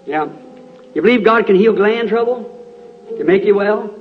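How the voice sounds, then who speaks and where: A man's voice: sits high, normal speed. A middle-aged man, a preacher at a healing service, calling out to the crowd with short repeated questions. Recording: dull lo-fi 1960s tape with organ music.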